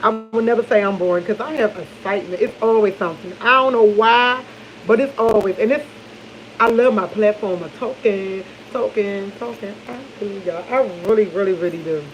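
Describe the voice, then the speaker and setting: A woman with a mid-range voice chats to camera over morning coffee at a moderate pace, loose and rambling, laughing and addressing viewers as y'all while frequently losing track of her point. The recording is muffled, with slight hiss or hum.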